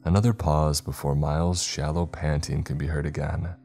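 A man narrating a first-person horror story in a steady, measured way. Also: extremely low pitch, soft background music.

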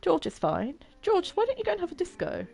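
A woman's voice: very high-pitched, huge pitch swings, brisk, gravelly, a little mellow. A young woman chatting and giggling her way through a life-sim game as a streamer. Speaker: gaming streamer. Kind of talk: casual gameplay commentary.

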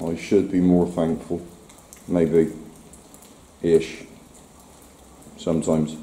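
A middle-aged man with a low, warm voice chats casually to his camera and dog on a rainy seafront, speaking slowly with long pauses. He often pokes fun at himself, and the poor handheld-camera audio picks up faint outdoor noise.

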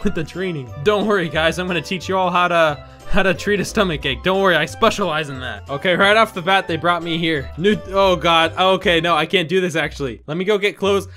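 Young guy narrating his gameplay, high-pitched and bright, lots of laughing and stammery restarts. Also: soft background music. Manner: jokey, laughing often, quick stammering restarts. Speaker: gaming video host. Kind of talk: casual gameplay commentary.

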